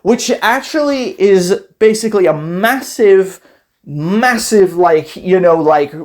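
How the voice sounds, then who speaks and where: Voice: mid-range voice, lively intonation, takes it slowly. A gaming creator casually retelling a card game story event, rambling animatedly, acting out scenes in quoted voices and laughing often.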